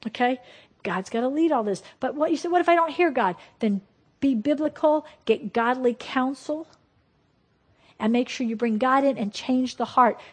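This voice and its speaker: A woman giving a sermon-style Christian teaching. She is emphatic and lively, swinging between loud bursts and quiet asides. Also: sits high, slightly rough.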